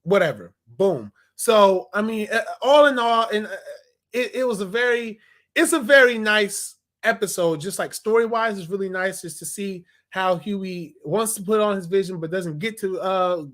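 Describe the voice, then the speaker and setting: A young man in a casual review vlog, animated and slangy, laughing as he retells scenes. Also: high voice, moderate pace. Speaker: TV episode reviewer.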